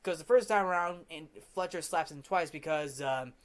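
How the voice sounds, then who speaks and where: A man's voice: fairly high pitch, moderate pace. Rambling man recapping a film. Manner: rambling, repeats "literally", many restarts. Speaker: film review host.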